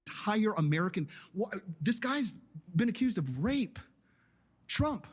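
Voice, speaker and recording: A debate participant arguing heatedly, with an impassioned, ranting and accusatory delivery. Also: male voice, high-pitched, big pitch swings, unhurried, slightly rough.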